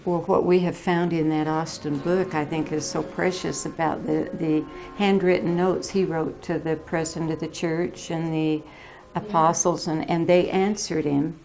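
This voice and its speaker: Low-voiced woman in her eighties reminiscing. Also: little pitch movement, normal speed, darkish tone, faint music behind. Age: 80s. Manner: fond, chatty, laughing. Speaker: family elder interviewee. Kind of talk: oral history reminiscence.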